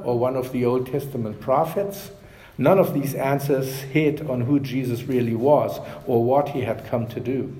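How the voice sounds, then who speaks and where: Pastor guy giving a measured sermon, warm low tone, trails off soft at phrase ends. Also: echoey room, rough recording. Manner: measured preaching, drops softly at phrase ends.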